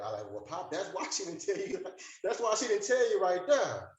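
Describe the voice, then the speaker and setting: Sitting high with huge pitch swings, this man's voice moves at normal speed in a roomy recording. He tells a long, meandering personal story in a support group, heavy on fillers, playing out the conversations he remembers.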